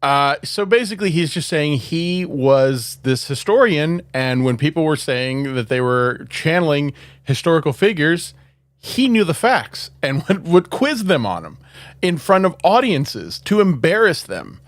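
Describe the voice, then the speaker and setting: A man's voice: on the high side, expressive, unhurried, no room sound. A man co-hosting a podcast in casual chat, rambling with lots of fillers and laughing often. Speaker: podcast co-host.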